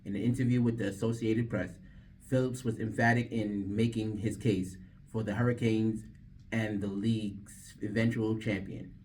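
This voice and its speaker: A man's voice: fairly low pitch, level tone, normal speed, a little mellow, distant mic, a little hiss or hum. A young man reading news on campus radio, then joking to camera between takes in a slangy, self-mocking way. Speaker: campus radio newscaster and vlogger. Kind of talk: casual vlog with news reading. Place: radio station booth.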